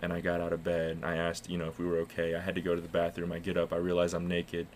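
A man's voice: sits low, completely flat delivery, racing, slight background noise. A man from the United States co-hosting a casual podcast, telling rambling, profane stories. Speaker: podcast co-host.

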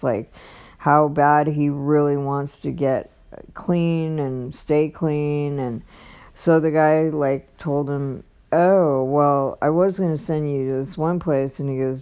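A woman's voice: low-pitched, darkish tone. A woman vlogger telling a personal story in a casual, rambling, gushing way, with many fillers and restarts.

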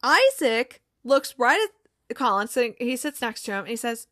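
A chatty woman recaps a TV episode, retelling scenes and slipping into quoted lines between laughs. Her voice sits fairly high and sounds dry and close. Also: big pitch swings, moderate pace, bright, forceful tone, dry recording. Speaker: TV recap podcast host.

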